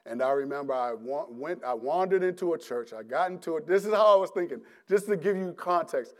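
A middle-aged male preacher tells his own story in a slightly high voice. He is animated and halting, restarting and repeating words as he goes. He acts out his past self and breaks into laughter. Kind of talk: personal testimony sermon.

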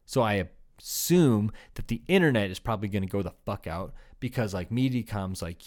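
A man's voice: on the low side, sing-song, moderate pace, few pauses, a little mellow. A young adult man hosting a solo comedy podcast, rambling and swearing as he riffs on absurd hypotheticals and slips in voices of made-up people. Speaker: podcast host.

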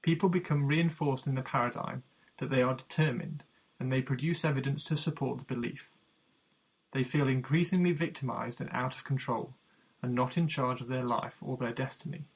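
A man narrating his own book in a measured, earnest, teacherly way. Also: mid-range voice, steady tone, vocal fry, breathy edge, low-quality recording. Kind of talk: audiobook narration.

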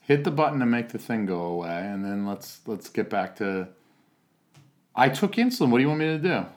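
A man's voice: medium pitch, sing-song, fairly quick. A man hosting a comedy podcast at home, talking in a wry, grumbling way and swearing casually. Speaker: podcast host. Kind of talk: casual chat.

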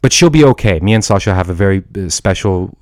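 This Iranian film reviewer talks fast and animatedly in a low, darkish voice, hosting his solo podcast at home with his dog around. His thoughts come out rambling, full of restarts, fillers and casual cursing. The studio microphone gives clean sound with no echo.

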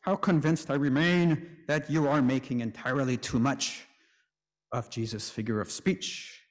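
A man's voice: mid-range voice, steady tone, a little slow, long reverb tail, close to an everyday voice. A man voicing a stiffly polite male church reformer who delivers a mannered, courteous rebuke. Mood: gently chiding.

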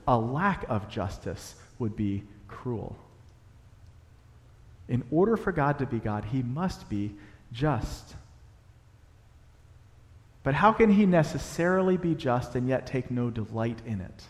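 A young adult man preaching a sermon in a church, animated, building to emphatic peaks as he explains a passage. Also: medium pitch, unhurried. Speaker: pastor. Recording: long hall reverb.

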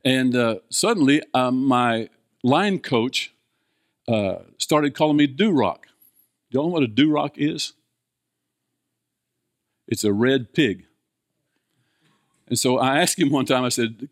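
A man's voice: mid-range voice, animated, slow, long pauses, no room sound, studio quality. An older man, preaching a folksy sermon, chatting with the congregation, asking questions and chuckling often.

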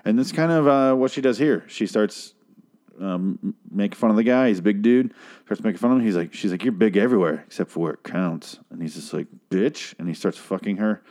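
His voice is lowish, a little mellow and expressive, and he speaks fairly quickly. He's a podcast host reviewing a TV series, rambling casually while swearing often and leaning on filler words.

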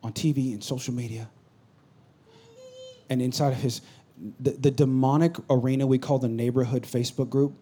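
A pastor preaching a sermon, swinging from loud urgent bursts to low confiding asides. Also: male voice, steady tone, moderate pace.

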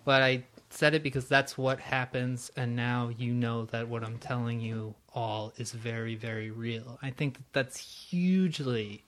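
A man's voice: medium pitch, fairly even intonation, unhurried, hardly any pauses, fairly bright tone, slight background noise. A young adult man hosting a casual interview, supportive and thoughtful, with short affirmations. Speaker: podcast host.

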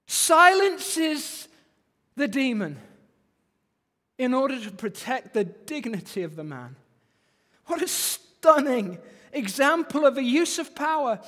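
High-voiced preacher in a hall. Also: male voice, moderate pace. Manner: animated, rising and falling emphasis, repeats phrases for effect. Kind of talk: sermon. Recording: long hall reverb.

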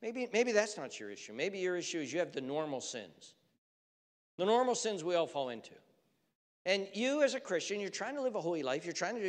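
A male preacher delivering a sermon, swinging from loud urgent exhortation to hushed near-whispers and repeating phrases for emphasis. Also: a little high. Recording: long hall reverb.

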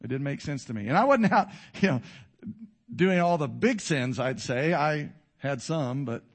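Animated preacher man in his fifties. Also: a little high, moderate pace. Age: 50s. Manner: animated, shifts between loud exhortation and quiet intensity. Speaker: pastor. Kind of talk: sermon. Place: church before a congregation.

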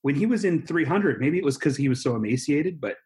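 A man's voice: a little high, expressive, brisk, a little mellow. Rambling American man in casual chat. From United States. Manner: rambling, self-interrupting, joking. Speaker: podcast co-host.

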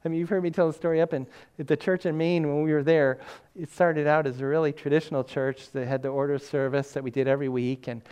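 An older man, a pastor, giving a sermon in a relaxed, conversational storytelling way with self-deprecating humor. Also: fairly high pitch, fast, smooth.

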